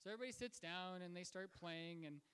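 Guy giving a sermon, high voice, lots of uhs, big hall echo. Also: fast talker, fairly bright tone, clean tone. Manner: conversational, with frequent fillers and restarts. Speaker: pastor. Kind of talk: sermon storytelling. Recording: long hall reverb.

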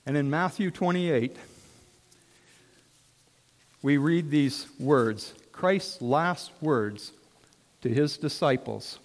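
A man preaching a sermon as a story, swinging from hushed tones to shouts. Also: a little high, very slow, long pauses. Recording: long hall reverb.

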